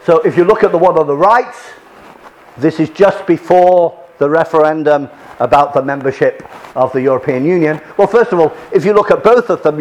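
Male lecturer, rambling classroom delivery, repeats himself, a bit high-pitched, faint background noise. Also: darkish tone, low-quality recording. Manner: chatty, repeats and restarts phrases, mixes in French asides.

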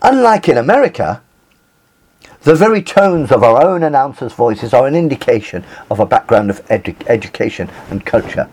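A man's voice: mid-range voice, animated, normal speed, darkish tone, lightly acted. Guy doing a stiff posh old gent, haughty, voice going up and down a lot. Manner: stiff imitation of a cultivated upper-class accent. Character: posh older British gentleman, refined and haughty.

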